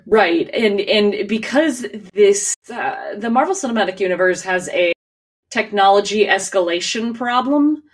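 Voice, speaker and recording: A woman's voice: mid-range voice, animated, measured pace, recorded from a distance. A woman co-hosting a podcast in casual chat, talking loosely with many fillers and restarts and laughing often. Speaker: podcast co-host.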